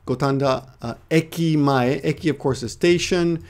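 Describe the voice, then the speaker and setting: A man teaching Japanese to English speakers in a casual online lesson, explaining step by step and repeating words slowly. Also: a little high, a little mellow.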